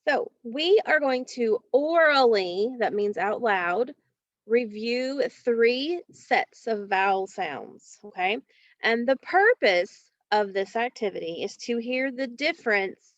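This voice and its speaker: Slow, careful woman teaching phonics. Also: a little high, animated, no echo. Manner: slow, careful, drawn-out word modeling. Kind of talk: recorded phonics lesson for children. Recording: dull, dry, lo-fi home recording.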